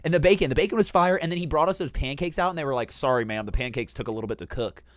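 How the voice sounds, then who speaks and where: A man hosting a casual chat, telling a long story in an animated, profane way and saying "dude" constantly. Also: on the high side, racing, no room sound. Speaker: host.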